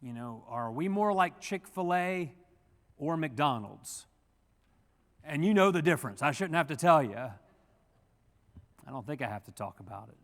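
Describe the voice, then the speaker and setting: A man preaching a sermon in a church, animated and folksy, with humor and rhetorical questions. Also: fairly high pitch. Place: church sanctuary. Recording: long reverb of a church hall.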